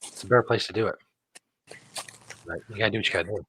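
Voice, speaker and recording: A man's voice: on the low side, quick pace, fairly bright tone, a little hiss or hum. A man hosting a casual show, joking dryly and chuckling often. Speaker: show host. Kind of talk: casual chat.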